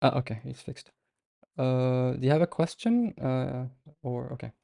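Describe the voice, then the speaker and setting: A man teaching a live online class, explaining patiently and step by step with many pauses. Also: mid-range voice, creaky, warm tone, dry recording, clean studio sound. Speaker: Arabic teacher.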